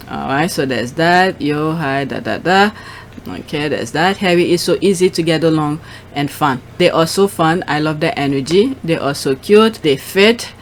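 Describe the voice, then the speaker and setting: A woman's voice: lowish voice, slight background noise. A woman hosting her channel, giving casual commentary on clips and posts. She reacts aloud as she scrolls. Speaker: channel host.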